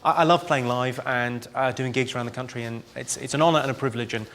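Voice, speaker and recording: A man performing a stand-up comedy set in deadpan one-liners, with clipped delivery. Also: medium pitch, quick pace. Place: large venue with live audience. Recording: live show with loud crowd laughter and noise.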